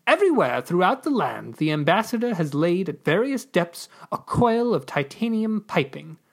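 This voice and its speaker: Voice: medium pitch, very animated, normal speed, vocal fry, pitched above the performer's own voice. A reader voicing a nervous man who stammers while explaining a strange invention in a story read aloud. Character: nervous male sidekick explaining a strange device.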